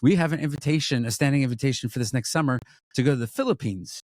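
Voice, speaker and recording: A man's voice: medium pitch, a little mellow, no room sound. A man co-leading a ministry, talking earnestly in a casual fundraising chat, full of restarts and fillers. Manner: earnest, halting with many restarts. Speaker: ministry co-leader.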